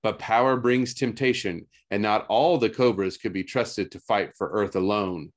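Low-voiced male promo announcer. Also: moderate pace. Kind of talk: scripted narration.

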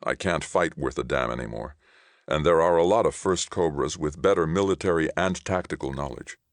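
A man's voice: rumbling low, brisk, no echo, clean studio sound. A man reading as an earnest middle-aged governor.

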